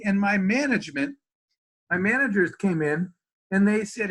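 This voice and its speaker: A man from the United States telling a story as an interview guest, acting out both sides of the dialogue with lively energy. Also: sits high, moderate pace.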